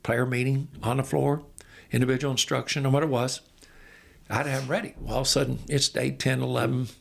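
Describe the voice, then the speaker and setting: A man in his sixties, a basketball coach, telling animated stories as a podcast guest and getting amped up as he goes. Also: mid-range voice, fast, vocal fry. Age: 60s. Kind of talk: storytelling in an interview.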